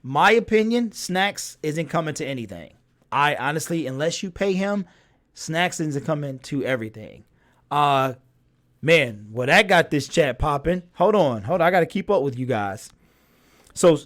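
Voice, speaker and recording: A man with a fairly high voice hosts a casual sports talk livestream. He reads viewer comments aloud and reacts to them with lots of fillers and repeated phrases. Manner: animated, reacts to chat, frequent fillers and repeats.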